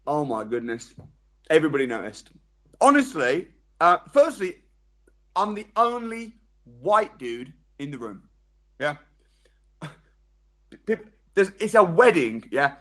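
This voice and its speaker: A man, giving a motivational seminar talk as a training speaker, telling stories with sudden loud jumps and quiet drops. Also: a little high, very animated, slow pace, pauses often.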